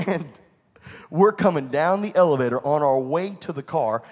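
A man's voice: on the high side, animated, measured pace, long reverb tail. A middle-aged man, a pastor, preaching a sermon that moves from personal storytelling into fervent preaching in a church. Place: church sanctuary.

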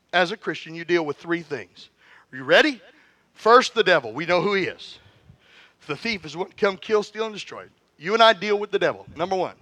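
High, bright-voiced fervent male preacher. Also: no echo. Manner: fervent preaching with call-and-response; storytelling, joking with the congregation. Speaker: pastor. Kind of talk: sermon.

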